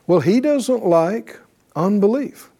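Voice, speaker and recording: A man's voice: high voice, slow pace. A man preaching a sermon, often asking "right?" and acting out voices of believers speaking faith. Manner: animated, calls for responses with "right?".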